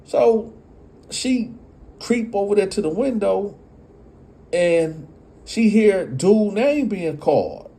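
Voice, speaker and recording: A man's voice: sits high, lively intonation, takes it slowly, long pauses, mellow. A man casually telling a story and speaking straight to his audience. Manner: conversational, addresses the audience.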